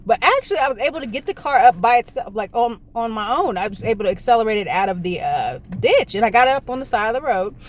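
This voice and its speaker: A woman's voice: on the high side, animated, quick pace, few pauses. A woman telling a casual storytime to her viewers, rambling and correcting herself as she goes. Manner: rambling, self-correcting, talks to viewers directly. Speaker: vlogger.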